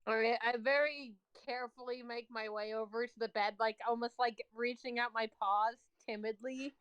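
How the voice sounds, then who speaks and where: A woman's voice: a little high, fairly even intonation, normal speed, fairly bright tone, smooth, dry recording, poor audio. A woman playing a cat character in a tabletop game, in a playful manner. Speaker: player.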